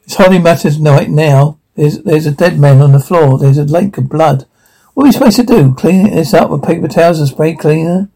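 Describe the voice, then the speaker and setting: A man's voice: fairly high pitch, moderate pace, creaky, warm tone, husky, rough recording. A man voicing a frantic, controlling middle-aged mother who barks urgent orders. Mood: frantic, commanding. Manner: urgent, bossy, panicky.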